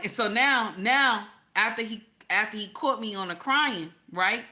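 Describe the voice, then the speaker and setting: Middle-aged lady hosting a reaction stream, bright sharp voice, preachy and talks straight to the viewers. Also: mid-range voice, moderate pace, few pauses. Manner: emphatic, preachy, addresses viewers directly. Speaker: reaction video host. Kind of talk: casual commentary to viewers.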